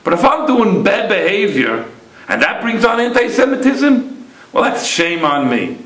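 Animated man in his fifties telling a story. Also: high voice, measured pace, reverberant, poor audio. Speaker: religious teacher. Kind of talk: storytelling lesson.

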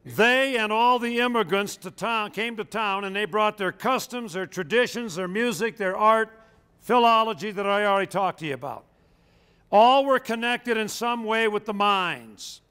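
An older man gives a storytelling history talk in a high-pitched voice. His tone is smooth and resonant, and he drifts into folksy anecdotes and joking asides. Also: normal speed, bright, forceful tone. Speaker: local historian.

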